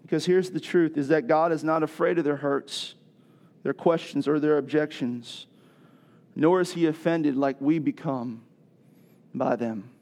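A middle-aged man preaching a sermon, telling a personal story and building to loud, emphatic passages. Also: a little high, steady tone, unhurried. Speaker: pastor.

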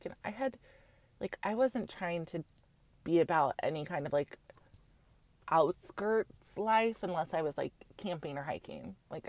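A woman's voice: lowish voice, a little mellow, no echo. Frank, chatty woman host with a dry close sound. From Utah. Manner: chatty and frank, full of fillers and swearing. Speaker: podcast host recapping a reality show. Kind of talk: casual chat.

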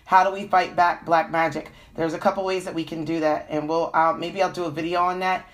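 A woman's voice: low-pitched, steady tone, brisk. A woman with a cold giving a casual live-stream tarot reading, full of fillers and "okay?" check-ins. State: has a cold. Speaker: tarot reader.

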